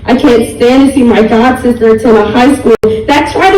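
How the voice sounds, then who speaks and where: A young woman delivers an earnest, pleading public speech, heavy with emotion. Her voice is dark and mellow, and it sounds roomy and far from the mic. She speaks with the weight of someone close to tears. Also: on the high side, normal speed, hardly any pauses, slight background noise. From United States. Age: young adult. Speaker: speaker at a community rally.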